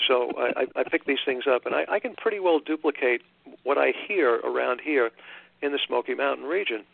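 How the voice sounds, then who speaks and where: Older man with a gravelly voice on a tinny phone line. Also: medium pitch, dry recording. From Long Island, New York. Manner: halting, many fillers and restarts. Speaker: author guest. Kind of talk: radio interview.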